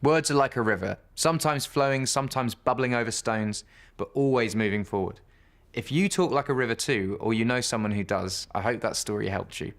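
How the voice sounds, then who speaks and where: A man reading a children's bedtime story aloud in a gentle, unhurried way. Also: medium pitch.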